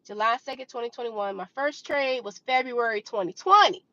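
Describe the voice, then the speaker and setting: A woman's voice: fairly high pitch, fairly quick, sharp tone. A woman in her twenties telling a personal trading story to her viewers in a casual, dramatic way, acting out her own reactions. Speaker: vlogger sharing stock trading experience. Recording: slightly dull, dry recording.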